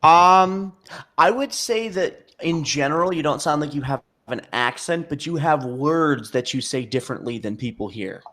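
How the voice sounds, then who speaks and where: A man's voice: a little high, animated, moderate pace, a bit bright. A man co-hosting a talk show, speaking casually and filling his talk with "like". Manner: casual, talkative with many "like"s.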